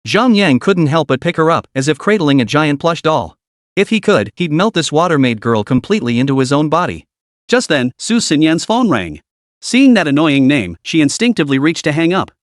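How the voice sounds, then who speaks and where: A man narrating a scripted comic story recap in an even storytelling manner. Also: a little high, fairly quick, no room sound, clean studio sound.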